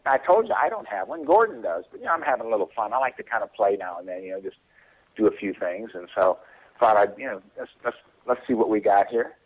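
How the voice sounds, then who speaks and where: A man's voice: lowish voice, expressive, brisk, breathy edge, phone-quality sound. A man telling stories as a radio show guest, chuckling often and acting out what people said to him. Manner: chuckling, acts out quoted voices. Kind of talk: casual storytelling.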